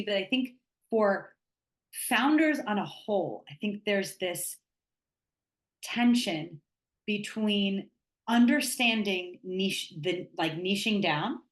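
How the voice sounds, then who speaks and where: A woman hosts an interview podcast, posing long, thoughtful questions with plenty of "you know" and "like". Her voice is mid-pitched, and the recording carries a noticeable room echo around her. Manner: thoughtful, rambling questions with many fillers. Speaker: podcast host. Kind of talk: conversational interview.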